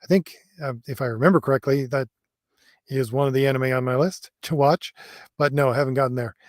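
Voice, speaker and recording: Speaking fairly quickly in a mid-range voice with fairly even intonation, a middle-aged man reads viewer comments aloud on his livestream, wandering off track with lots of fillers and chuckles. The studio-quality audio has no room sound. He notes that his voice has always struck people as an old man's.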